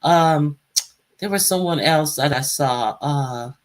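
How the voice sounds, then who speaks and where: A woman's voice: deep voice, slow. Chatty woman hosting a live stream. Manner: chatty, calls out guests by name. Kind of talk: casual live chat.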